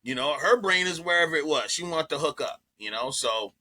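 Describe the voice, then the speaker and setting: A comedian guest telling a story in casual chat, profane and animated, jumping into other people's voices as he goes. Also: fairly high pitch, fairly quick.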